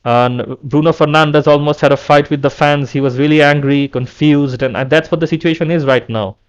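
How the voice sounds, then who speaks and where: A man's voice: a little high, fairly even intonation, normal speed, smooth, highs cut off. Heated man ranting about his club. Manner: heated, repetitive, restarts often. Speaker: football fan vlogger. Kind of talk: angry fan rant to camera.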